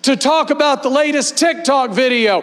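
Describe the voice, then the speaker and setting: A man pastor delivering a sermon, leading the congregation in slow, emphatic call-and-response. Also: very high voice, a bit bright. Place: church sanctuary. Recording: long hall reverb with mains hum.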